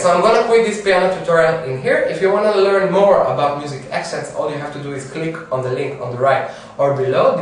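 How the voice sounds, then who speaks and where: A man's voice: fairly high pitch, recorded from a distance, slight background noise. Man teaching piano in an echoey room. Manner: counts beats and sings phrases while explaining. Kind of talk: piano lesson.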